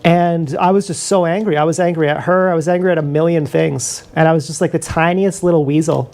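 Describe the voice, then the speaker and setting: A live streamer with a middle-pitched voice tells stories in a loose, rambling monologue full of swearing. The talk is confessional and unfiltered, recorded on an action camera mic. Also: fairly even intonation, brisk, darkish tone. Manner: profane, rambling, confessional storytelling.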